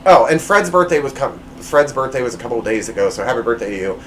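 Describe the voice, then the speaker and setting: A man's voice: mid-range voice, animated, quick pace, a little hiss or hum, low-quality recording. A man hosting his own podcast, telling a personal story in a rambling, self-deprecating way with lots of fillers and restarts, recorded at home. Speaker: podcast host.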